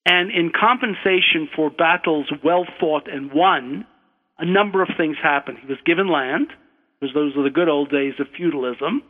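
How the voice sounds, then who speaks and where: An older American man, appearing as a guest, shares a rambling personal story on the radio at a leisurely pace, frequently going back to correct himself. His voice is on the higher side. The audio is thin and tinny like a phone line, with a long, hall-like echo.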